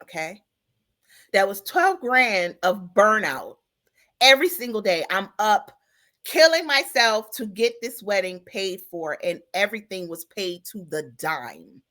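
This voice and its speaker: A woman hosting a casual chat show, telling her story in an animated way and calling out to her listeners. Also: mid-range voice, a little slow. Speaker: podcast host.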